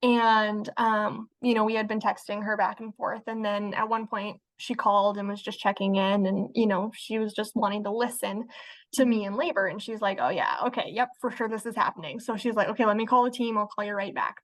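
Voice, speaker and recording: Telling a personal story as a guest in a relaxed interview, the young woman speaks fairly quickly in a level, mid-range tone. Fillers crop up constantly, and she laughs and chats her way through it.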